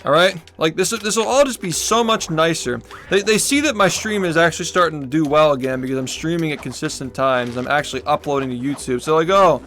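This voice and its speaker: A man's voice: fairly high pitch, fairly quick, hardly any pauses, a bit bright, faint music behind. A man streaming from home, ranting angrily and swearing a lot at the people who harass him. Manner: angry, profane ranting. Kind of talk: livestream rant.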